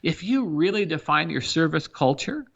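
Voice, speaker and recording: Energetic gravelly middle-aged businessman. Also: on the high side, moderate pace, dull audio. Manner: energetic, emphatic, talks through examples. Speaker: senior living company CEO, guest. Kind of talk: business podcast interview.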